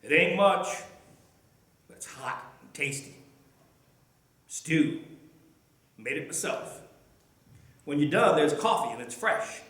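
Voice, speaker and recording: A man's voice: on the high side, expressive, takes it slowly, pauses often, a bit bright. A man voicing a lonely, kindly old gas station owner who speaks in a plain folksy drawl, in a story told during a church message. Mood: gruff kindness. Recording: echoey room.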